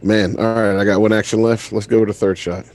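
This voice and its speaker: A man's voice: on the low side, flat delivery, fast talker, background noise. A man playing in a tabletop game, talking through his moves in an easygoing, wry way. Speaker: player. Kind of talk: casual tabletop game chat.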